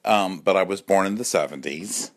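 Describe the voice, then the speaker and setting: A man's voice: low voice, normal speed. A man in his forties delivering a campy, profane comic monologue at home, often acting out other voices. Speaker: comedy podcast host.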